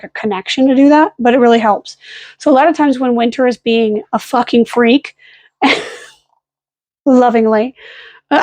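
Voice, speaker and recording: High-voiced young woman rambling late at night. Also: a little mellow, no echo. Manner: rambling, swears casually, coos at her dogs. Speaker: vlogger. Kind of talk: casual late-night vlog chat. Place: home at night. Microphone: camera on a fixed stand.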